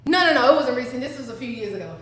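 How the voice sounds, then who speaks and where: A woman's voice: sits high, lively intonation, racing, a bit bright. A woman telling a personal storytime, dramatic and profane, talking straight to her viewers. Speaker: storytime vlogger. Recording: very echoey room.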